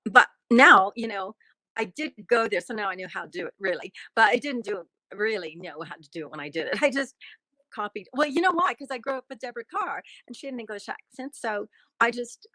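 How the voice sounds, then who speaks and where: A woman's voice: fairly high pitch, expressive, fairly quick, pushed and bright, dry recording. A middle-aged woman, an actress being interviewed, chatting casually and laughing often. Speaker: actress and guest.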